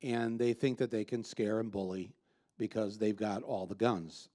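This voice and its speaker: A man's voice: lowish voice, steady tone, normal speed, mellow. A man speaking as a filmmaker guest in an onstage conversation before an audience, blunt and emphatic, with frequent restarts. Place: live event with an audience.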